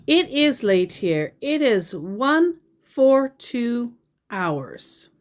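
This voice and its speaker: A woman's voice: on the high side, sing-song, very slow, voice pushed up, full character voice. An Australian woman voicing a female scammer posing as a soldier, who speaks in stilted, broken English. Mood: terse. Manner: stilted, clipped phrasing.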